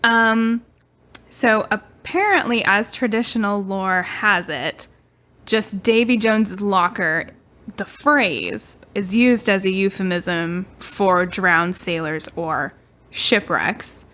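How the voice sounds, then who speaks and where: A young woman co-hosting a podcast, sharing lore in a loose, giggly way. Her voice sits at an ordinary mid pitch, and her sentences wander and trail off. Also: slow, pushed and bright. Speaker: podcast co-host. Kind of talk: casual storytelling chat.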